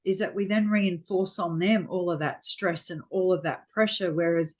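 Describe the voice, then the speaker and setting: A woman's voice: lowish voice, steady tone, moderate pace. A middle-aged Australian woman, a frank, chatty guest telling stories in a casual interview. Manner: frank, chatty storyteller acting out quotes.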